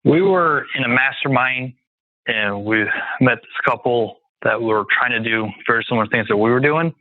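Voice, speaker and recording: A man's voice: medium pitch, normal speed, no echo. Man on a tinny phone line. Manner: confident, emphatic, repeats points in lists. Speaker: guest real estate investor. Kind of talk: casual podcast interview.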